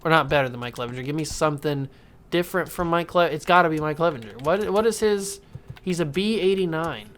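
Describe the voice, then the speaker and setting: A man's voice: on the high side, expressive, brisk, a bit bright. A man casually commenting while playing a baseball video game, talking to himself and coaxing the game. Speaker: gaming YouTuber. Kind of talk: casual let's-play commentary.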